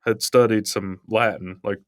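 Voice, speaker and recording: This professor co-hosts a casual podcast, spinning rambling stories with chuckles in a Southern Alabama accent. His voice is fairly low and evenly intoned, his pace unhurried, and the sound dry and studio quality.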